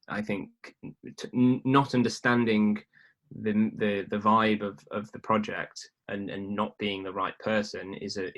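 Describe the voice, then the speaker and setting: A man, a filmmaker guest on a podcast, chatting casually in a relaxed, hesitant way with frequent fillers and restarts. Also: on the low side.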